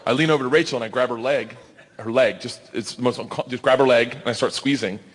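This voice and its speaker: A man in his forties telling a profane, animated stand-up story on a comedy stage into a handheld mic. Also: medium pitch, quick pace. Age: 40s. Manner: rowdy, profane, animated acting-out. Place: comedy stage before a live crowd. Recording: live club recording with noise.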